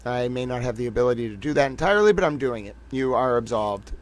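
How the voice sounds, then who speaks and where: A man's voice: medium pitch, expressive, rapid-fire. Effusive man hosting a livestream. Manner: playful, gushing and effusive. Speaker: livestream host. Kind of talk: casual livestream chat.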